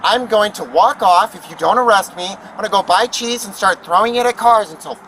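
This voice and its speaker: A man's voice: sits high, brisk, fairly bright tone, recorded from a distance, a little hiss or hum, poor audio. A man in an angry, profane street argument with police, ranting outdoors in a parking lot. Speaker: homeless activist confronting police.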